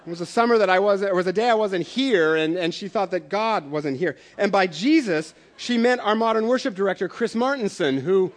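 A middle-aged pastor with a drawl delivers a sermon to his congregation. His voice sits high for a man, and he moves easily between light, joking stories and earnest teaching. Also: fairly quick, hardly any pauses. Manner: conversational storytelling with humor.

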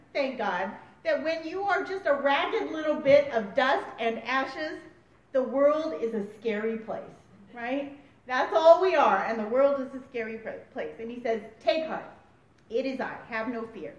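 A woman preaching a sermon, animated and often laughing as she acts out voices. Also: high-pitched. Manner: animated, laughing, acting out quotes. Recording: roomy, distant, dull recording.

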